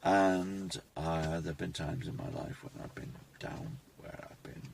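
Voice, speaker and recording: Slow, gravelly-voiced man. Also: low voice, fairly even intonation, a little mellow, a little hiss or hum. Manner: reflective, halting, with many restarts. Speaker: vlogger. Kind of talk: rambling personal vlog. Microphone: phone camera.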